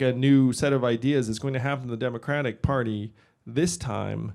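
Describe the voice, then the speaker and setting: A man in his forties giving a casual, conversational campaign speech to a live audience, with quick asides and laughs. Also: medium pitch, a little mellow. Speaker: political candidate speaking to a crowd. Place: event venue with a live audience.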